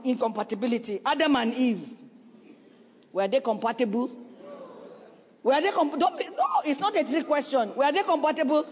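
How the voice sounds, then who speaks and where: A middle-aged woman pastor preaching a sermon, earnest and pleading, at times sinking into a soft, slow voice. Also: high-pitched, breathy edge. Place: church sanctuary. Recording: long reverb of a large hall.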